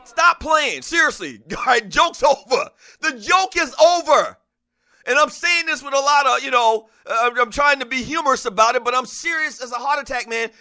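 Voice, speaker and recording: Male talk host, sharp bright tone, emphatic, repeats himself, jokes and laughs between points. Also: very high voice, moderate pace. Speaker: podcast host. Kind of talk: casual sports talk show.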